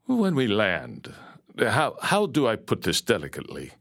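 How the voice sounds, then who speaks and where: A man voicing a gruff pirate captor who growls and mocks his prisoner in a storybook reading. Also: on the low side, wildly swooping pitch, unhurried, fairly bright tone, voice pushed up, full character voice. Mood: menacing. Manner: growling, mocking.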